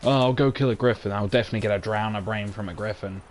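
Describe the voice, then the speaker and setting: A man's voice: lowish voice, fast, slight background noise. A young British man giving casual, sarcastic let's-play commentary and swearing as he plays. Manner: sarcastic, swears, talks to himself. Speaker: gamer commentating his playthrough.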